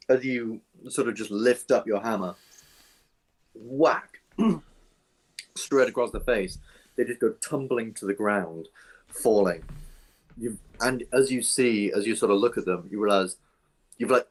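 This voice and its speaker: Casting note: low, husky male game master, easygoing, describes the action with plenty of fillers. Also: unhurried. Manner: relaxed, descriptive, thinks aloud with fillers. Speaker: dungeon master. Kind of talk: narrating a tabletop game.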